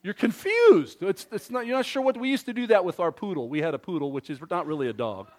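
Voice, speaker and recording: Animated high-voiced male preacher. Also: fast talker. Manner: animated, interactive with congregation, acts out voices. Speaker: pastor. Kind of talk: sermon.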